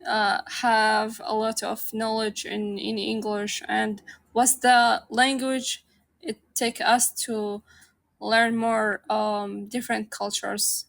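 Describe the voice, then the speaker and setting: A woman's voice: fairly high pitch, little pitch movement, slow, gravelly, a bit bright. A woman whose first language is Arabic, a guest in a casual interview, speaking English hesitantly with many fillers.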